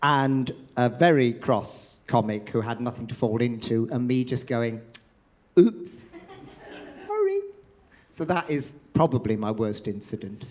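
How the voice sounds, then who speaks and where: A man's voice: medium pitch, moderate pace, hardly any pauses. An older man, a veteran pantomime performer, telling theatre stories in an interview and acting out the voices he quotes. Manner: animated storyteller, acts out quoted voices. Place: theatre after a show.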